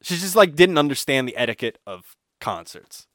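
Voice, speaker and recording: A man's voice: on the high side, very animated, moderate pace, a bit bright, no room sound, clean studio sound. A man co-hosting a podcast, telling a rambling story in casual chat, swearing often and filling with "like". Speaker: podcast co-host.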